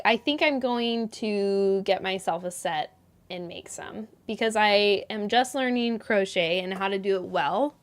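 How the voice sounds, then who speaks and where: A woman hosting a live yarn show in casual chat, bubbly and quick to laugh at herself, rambling with lots of restarts. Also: medium pitch, fairly bright tone, smooth, dry recording.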